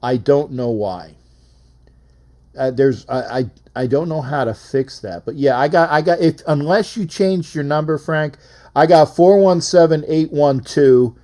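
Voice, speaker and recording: Man, call-in show host, casual sports chat, rambling, slightly high voice, mellow tone. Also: measured pace. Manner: rambling and repetitive, reads out phone numbers.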